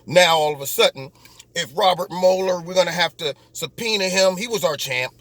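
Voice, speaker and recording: A man's voice: sits high, moderate pace, a bit bright, no echo. A man hosting his own political talk show, delivering a sarcastic commentary monologue and slipping into mocking voices. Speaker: host.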